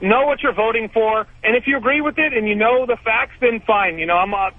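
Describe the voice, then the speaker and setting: Male radio caller, high voice, eager, repeats himself, tinny phone line. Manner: eager, repetitive, halting. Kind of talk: call-in talk radio.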